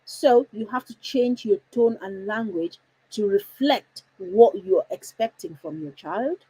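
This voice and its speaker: A woman coaching parents, talking emphatically and deliberately changing her tone and pace to stress key points. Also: medium pitch, expressive, mellow, husky, low-quality recording. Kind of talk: instructional talk to parents.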